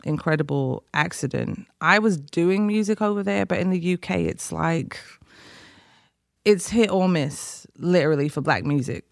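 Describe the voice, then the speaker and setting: A man from the UK, a guest musician telling stories about his career in a casual, animated conversation. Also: on the high side, vocal fry, no echo, clean studio sound. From United Kingdom. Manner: storytelling, animated, laughs often.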